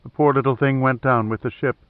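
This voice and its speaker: A man voicing a gentle, older woman who is a grandmother, speaking wistfully. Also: medium pitch, fairly even intonation, fairly quick, no room sound, natural voice. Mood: sad. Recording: thin phone-like dry audio.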